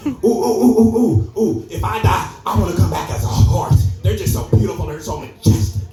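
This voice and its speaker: A man voicing an excitable adult woman coworker who gushes in a high, breathless squeal, in an echoey club room. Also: fairly quick, faint music behind, natural voice. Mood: gushing.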